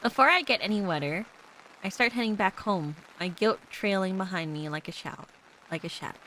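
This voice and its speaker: A woman's voice: medium pitch, brisk, sharp tone, slight background noise, rough recording. A young woman streaming as a VTuber, chatting playfully with lots of giggles and reading a visual novel aloud.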